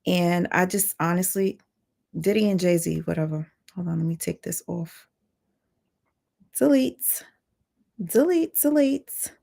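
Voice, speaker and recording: A woman hosting a casual live stream, chatty and excitable, greeting viewers by name. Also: on the low side, normal speed, creaky.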